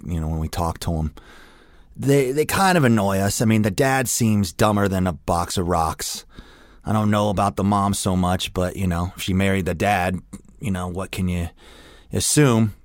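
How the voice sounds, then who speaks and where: A man's voice: on the low side, no room sound, clean studio sound. A young adult man hosting a radio show, delivering a crude, profane, rambling comedic rant.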